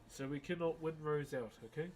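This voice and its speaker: A man's voice: a little high, very noisy. A man chatting casually to viewers on a live stream while he carves wood, easygoing and talkative. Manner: easygoing, chatty, addresses viewers as guys and bro.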